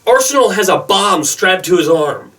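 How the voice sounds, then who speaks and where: A young man giving movie opinions in a casual vlog, chatty and excitable, rambling with asides. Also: high-pitched, moderate pace, far from the mic. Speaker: movie vlogger.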